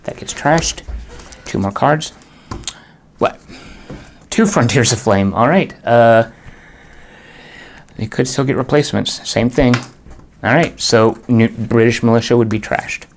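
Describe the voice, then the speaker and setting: A man's voice: medium pitch, measured pace, pauses often, slight background noise. A man playing a board game solo and thinking aloud as he works through each turn, muttering and groaning at bad rolls.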